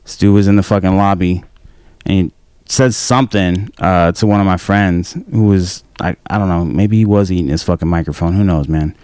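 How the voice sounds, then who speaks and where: A man's voice: sits low, fairly even intonation, normal speed, a little mellow, clean tone, dry recording. A man in his thirties in a casual podcast chat, rambling and swearing freely. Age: 30s. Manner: profane, rambling, laid-back. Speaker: podcast host.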